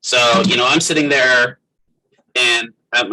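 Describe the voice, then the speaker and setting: A man's voice: medium pitch, steady tone, normal speed, pushed and bright, a little hiss or hum, poor audio. A middle-aged man teaching a physical therapy class in a conversational lecture, often putting questions to students by name. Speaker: physical therapist assistant instructor.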